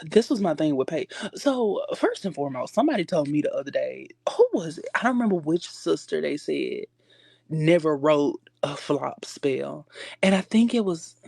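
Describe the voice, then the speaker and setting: A man's voice: fairly high pitch, big pitch swings, moderate pace, creaky, darkish tone, breathy edge, no echo. A man hosting a casual livestream chat, sassy and rambling, often stopping himself to get back on track. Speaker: livestream host. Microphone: phone.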